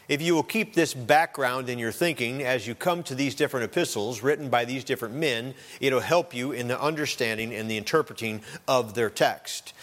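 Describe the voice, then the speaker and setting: A man's voice: medium pitch, a bit bright, in a large hall. A man preaching a sermon as pastor, often restarting and repeating phrases.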